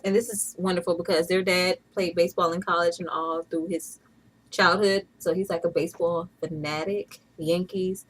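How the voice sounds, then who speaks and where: In a home video blog, a woman in her thirties from Atlanta chats casually, playful and quick to burst out laughing. Her voice is on the low side, steady and a bit bright, at normal speed, recorded in low quality.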